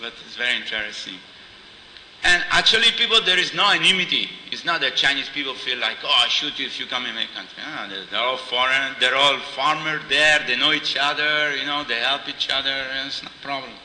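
Animated preacher man in echoey hall. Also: medium pitch, fairly quick. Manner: animated storyteller, acts out dialogue, laughs often. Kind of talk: informal spiritual talk with anecdotes. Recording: roomy hall echo, faint noise.

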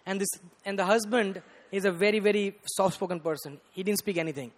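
A man preaching a storytelling sermon, animated and rising to loud bursts, often saying "you know". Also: high voice, fairly quick, hardly any pauses. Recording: reverberant hall.

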